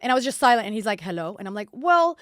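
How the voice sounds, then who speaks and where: A woman in her forties from Puerto Rico, a podcast guest telling a story with lively acted-out dialogue. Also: mid-range voice, rapid-fire, no echo, studio quality. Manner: acts out quoted dialogue, lively and chatty. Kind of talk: animated storytelling. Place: podcast studio.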